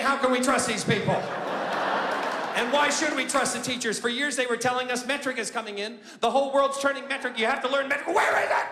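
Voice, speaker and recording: A stand-up comedian teasing the audience and working the room on a theater stage. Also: male voice, very high-pitched. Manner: teasing, crowd-work. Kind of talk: stand-up routine. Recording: echoey hall with loud crowd and noise.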